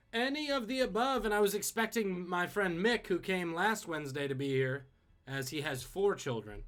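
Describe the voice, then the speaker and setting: A man hosts a streamed trivia night, reading out each question and cracking quick jokes between them. His voice sits a little higher than most men's, and faint music plays behind him. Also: a bit bright. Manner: joking, quick wisecracking asides. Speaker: trivia host. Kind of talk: live-streamed trivia quiz.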